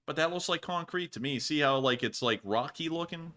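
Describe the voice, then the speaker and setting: A man's voice: on the high side, expressive, fairly quick, bright, forceful tone. A man hosting a casual live stream, joking around, laughing often and repeating his phrases as he reacts to viewer messages. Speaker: show host reading viewer messages.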